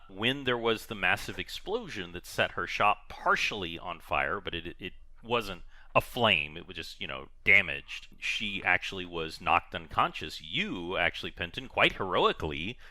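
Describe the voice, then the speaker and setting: Man, game master, tabletop game narration, lively pitch, bright tone, dry close mic. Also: normal speed, no echo. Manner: animated, rambling narration with frequent fillers.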